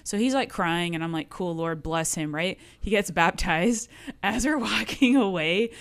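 A woman tells a story in casual chat, talking quickly and using a lot of "like". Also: on the low side, expressive. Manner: quick, filler-heavy talk with lots of "like".

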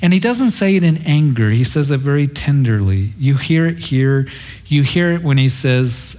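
A man's voice: medium pitch, lively intonation, moderate pace, a little mellow. Earnest middle-aged male pastor preaching. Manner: earnest, reflective, quotes scripture tenderly. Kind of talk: sermon.

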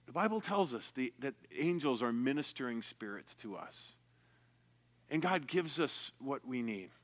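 A man's voice: medium pitch, fairly bright tone. A man preaching a sermon in a conversational way, reading scripture and repeating himself as he explains. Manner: conversational preaching with repetitions and asides. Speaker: pastor.

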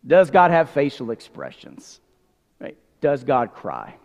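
A man in his forties preaching a sermon, conversational with many asides, dropping soft and low when reading scripture. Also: wildly swooping pitch, takes it slowly, dull audio. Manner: conversational, frequent "like", softens to near whisper on scripture. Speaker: pastor. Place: church sanctuary. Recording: long hall reverb.

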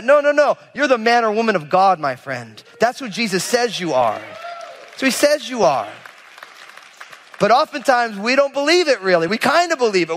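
High-voiced preacher in a reverberant hall. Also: male voice, moderate pace, some chatter behind. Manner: animated, acts out biblical figures in casual voices. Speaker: pastor. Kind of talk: sermon.

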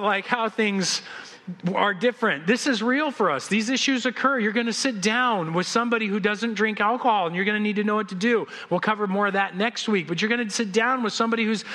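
High, bright-voiced pastor, animated sermon storyteller, trips over and restarts words. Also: male voice.

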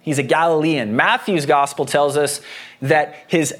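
A man's voice: fairly high pitch, steady tone, unhurried, fairly bright tone. A man preaching a sermon as pastor in a conversational way, explaining a passage with homely personal anecdotes.

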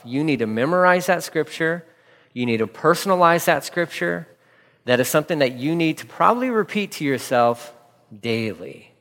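A man preaching a sermon as a pastor, emphatic and repeating key lines, slowing down when he reads scripture. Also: on the high side, expressive, a bit bright. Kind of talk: radio sermon. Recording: long hall reverb.

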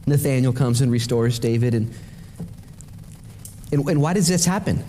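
A male pastor preaching a sermon in an energetic, conversational way, speaking directly to the congregation. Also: mid-range voice, moderate pace, a little hiss or hum.

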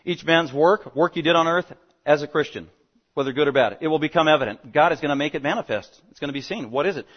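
A man preaching an expository sermon, animated and fast-talking, swinging between loud emphasis and quiet asides. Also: on the high side. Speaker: pastor. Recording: dull lo-fi sound.

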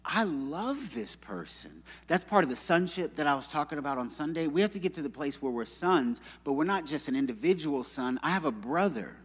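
Lively male preacher in a reverberant hall. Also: fairly high pitch, fast, few pauses, breathy edge. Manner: animated storytelling with acted-out quotes. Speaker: pastor. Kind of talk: sermon. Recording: long reverb of a church hall.

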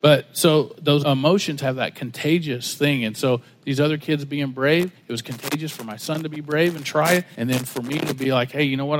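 A male pastor delivers a laid-back, conversational sermon with a slightly raised voice. He tells stories with a joking touch and slips into quick voices for the people he quotes. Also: on the high side, slight background noise. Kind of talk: casual storytelling sermon.

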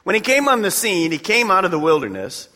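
A pastor delivers his sermon in a brisk, sing-song manner, his high voice pushed and bright. He speaks emphatically yet conversationally, addressing listeners directly, and the large church sanctuary gives a long reverb.

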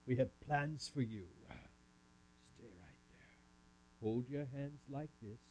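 A mocking, menacing older brother, as a storyteller puts him on in a camp Bible story, with a slow delivery. The recording sounds muffled and lo-fi. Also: male voice, mid-range voice, a little mellow, a little hiss or hum, lightly acted. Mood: taunting. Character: cruel older brother, male adult.

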